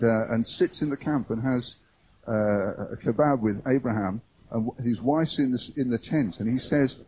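In a church, a man preaches a conversational sermon, frequently putting questions to the congregation. His mid-range voice is mellow, and there's a slight hiss or hum on the recording.

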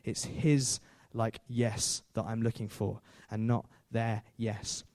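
A man voicing a humble male figure who speaks calmly and sincerely of serving his father. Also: lowish voice, takes it slowly, dry recording, pitched below the performer's own voice.

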